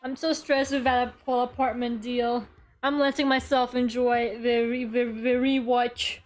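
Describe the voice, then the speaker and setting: A woman's voice: a little high, flat delivery, unhurried, soft background music. A woman streamer chatting casually and rambling from her room, now and then swearing and talking to her viewers. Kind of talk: casual live-stream chat. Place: her own room at home.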